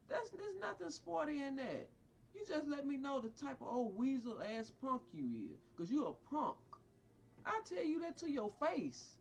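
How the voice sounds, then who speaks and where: Fiercely scolding woman with a lively voice. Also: on the high side, slight background noise. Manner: confrontational, preachy, scolding. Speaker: parent. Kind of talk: angry rant addressed to a doctor.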